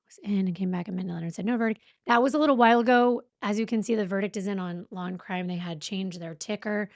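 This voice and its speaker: A young woman hosts a livestream from home, talking fast and shakily, her nerves plain in each sigh. Her voice sits mid-pitch and sounds close and dry, with no room around it. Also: no room sound. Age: young adult. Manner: jittery and anxious, breathless, sighing. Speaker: true crime livestream host. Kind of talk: nervous casual livestream chat. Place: home streaming setup with a fan running.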